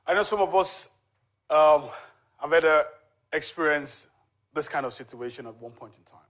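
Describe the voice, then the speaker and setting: Speaking at a moderate pace, a charity volunteer in his forties tells a story as his church testimony, often dropping in fillers like "you know." His voice is fairly high and fairly bright.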